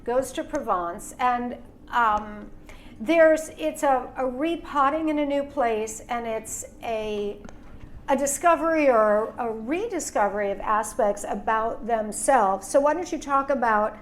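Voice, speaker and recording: A woman interviews authors, winding through her questions in a thoughtful, musing way. Her voice sits a little high, with faint room noise behind her. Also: a little slow. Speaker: host and interviewer. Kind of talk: casual interview.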